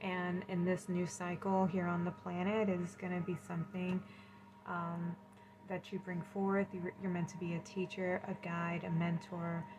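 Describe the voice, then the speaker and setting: A woman giving a pick-a-card tarot reading in a gentle, soothing, emotional and effusive way. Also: lowish voice, monotone, moderate pace, noisy background. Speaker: tarot reader.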